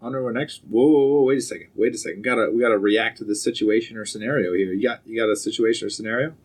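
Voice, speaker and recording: A man's voice: on the low side, quick pace. A man co-hosting a casual podcast, easygoing, asking questions and laughing along. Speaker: podcast co-host. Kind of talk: casual chat.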